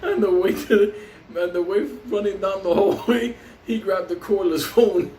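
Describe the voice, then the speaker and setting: A man's voice: high-pitched, moderate pace, warm tone, far from the mic, a little hiss or hum. A man telling a wild story in casual, profane talk, laughing often and acting out the voices of the people in it. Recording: roomy, off-mic with faint ambience.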